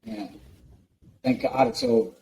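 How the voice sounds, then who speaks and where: A man's voice: very high-pitched, huge pitch swings, unhurried, vocal fry, mellow, a little hiss or hum, poor audio. A man in his forties from New Jersey, a guest telling loose stories full of fillers and swearing in a casual interview. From United States, New Jersey. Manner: loose, profane storytelling with many fillers.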